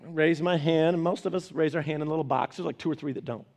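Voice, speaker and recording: A male pastor with a high voice delivers a sermon through lively family anecdotes. He laughs in between and acts out the people in his stories. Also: fast talker, gravelly. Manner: animated storytelling, laughing asides.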